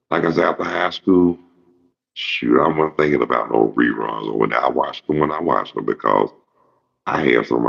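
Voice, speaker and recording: A man's voice: extremely low pitch, gravelly, fairly bright tone, slightly rough. A man in his fifties hosting his own show, rambling through a casual, jokey monologue full of profanity. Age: 50s. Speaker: show host. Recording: dull lo-fi recording.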